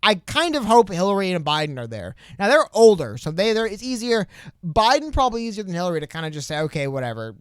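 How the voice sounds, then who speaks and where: A man with a high, smooth, clear voice co-hosts a casual political podcast. He rambles in an animated way, trailing into asides and restarting his sentences. The sound is dry, with no room echo. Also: quick pace. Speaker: podcast co-host.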